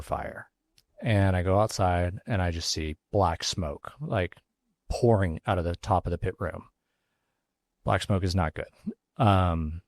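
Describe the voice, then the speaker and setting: A man who runs a barbecue restaurant, telling a story as an interview guest, casual and halting with lots of fillers and restarts. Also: sits low, darkish tone, no room sound. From Texas. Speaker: pitmaster and restaurant owner, guest.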